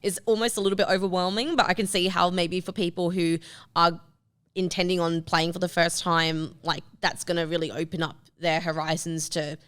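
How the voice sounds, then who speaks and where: Chatty Australian woman, smooth low voice. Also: flat delivery, fairly quick, a bit bright. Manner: chatty, many "like"s. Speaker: show co-host. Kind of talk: casual chat.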